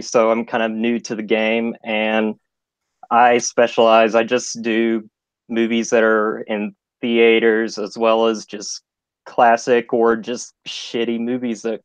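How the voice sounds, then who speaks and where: A man's voice: mid-range voice, clear, resonant tone, no room sound. A man guest on a podcast, introducing himself in a laid-back, easygoing way over a remote call. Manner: slow, laid-back, laughs easily. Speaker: guest movie reviewer. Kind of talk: casual chat.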